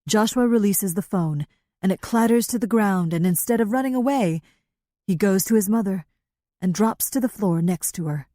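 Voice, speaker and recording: In a clean studio recording with no room sound, a woman narrates a novel for an audiobook. Her mid-range voice keeps to a steady, measured storytelling style throughout the scripted reading.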